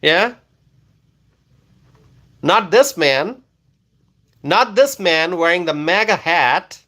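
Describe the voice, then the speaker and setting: Speaking very slowly with lively intonation, this Bangladesh-born streamer has a high, bright, forceful voice. He reads viewer comments out loud and replies with repeated questions and laughter.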